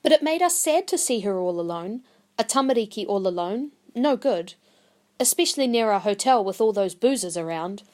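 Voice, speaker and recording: A woman's voice: medium pitch, lively intonation, moderate pace, a little mellow, lightly acted. A woman doing an earnest older Māori woman. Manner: pleading, rising and emphatic.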